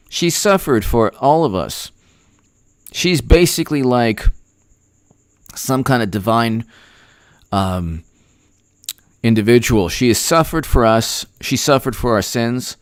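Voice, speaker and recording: A man hosting political commentary, talking with mocking, deadpan sarcasm. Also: medium pitch, clean tone, dry recording, clean studio sound. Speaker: host.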